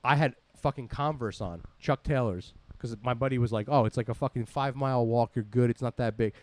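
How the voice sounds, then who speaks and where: A man hosting a podcast, telling a story in rambling, animated bursts and swearing freely. He talks very fast at an average pitch. The sound is dry, with no room around it. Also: dry recording. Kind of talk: casual profane storytelling.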